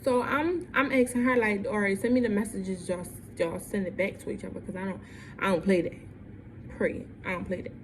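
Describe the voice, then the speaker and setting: A woman's voice: mid-range voice, normal speed, background noise. A young woman telling a story in a vlog, repeating lines and acting out what people said. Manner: animated, repeats lines, acts out quotes. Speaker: vlogger.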